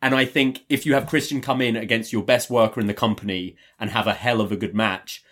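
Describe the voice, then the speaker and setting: A man co-hosting a wrestling podcast, giving his opinions in a thoughtful, measured way during casual chat. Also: on the low side, fairly even intonation, fairly bright tone.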